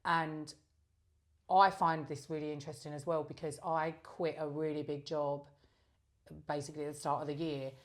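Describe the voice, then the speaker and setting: A woman's voice: low voice, little pitch movement, normal speed. A middle-aged woman co-hosting a casual podcast chat, chatty and asking probing questions. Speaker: podcast co-host.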